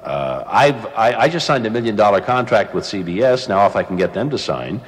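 Animated joking man, lively pitch. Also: fairly quick, in a large hall. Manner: animated, joking, laughs often. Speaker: former radio host, now actor. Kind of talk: casual studio chat, storytelling. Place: radio studio.

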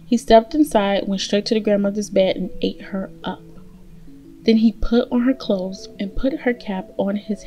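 Gentle woman reading a fairy tale. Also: mid-range voice. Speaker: storyteller. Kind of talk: fairy tale read aloud.

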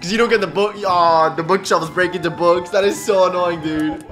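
A man giving casual reaction commentary on a cartoon, excitable and slangy, laughing often. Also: sits high, moderate pace, music in the background.

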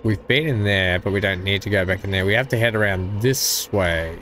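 Speaking fairly quickly in a fairly low, slightly bright voice, a male gaming streamer greets his viewers by name and teases himself on a live stream. He's coughing, like something's lodged in his throat, and a little hiss or hum runs under the recording.

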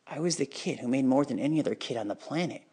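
A man telling his own life story in an unscripted personal monologue, bitter and emotionally charged, halting at times. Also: mid-range voice, lively intonation, mellow, breathy edge.

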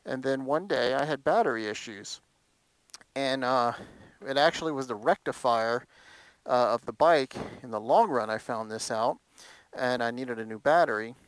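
Man, casual vlog chat, rambling with lots of "uh", animated storyteller, dry close sound. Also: mid-range voice, normal speed, no echo, rough recording. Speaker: motorcycle vlogger.

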